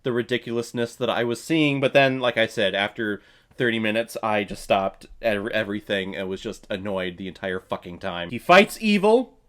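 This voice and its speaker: A man's voice: on the low side, animated, normal speed, a bit bright. A man ranting casually in a movie review, exasperated and profane, with a mocking tone. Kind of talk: casual film review rant.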